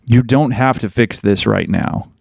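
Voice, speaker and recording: Podcast host, male, mid pitch with a gravelly edge, blunt and emphatic, dry close-mic sound. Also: a little slow, no echo. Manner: blunt, emphatic, repeats points. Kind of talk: advice monologue.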